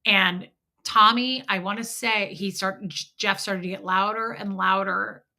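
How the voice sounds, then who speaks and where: A woman telling a personal story on her livestream, candid and animated, acting out quotes and swearing freely. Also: medium pitch, unhurried. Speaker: livestream host. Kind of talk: casual live chat storytelling.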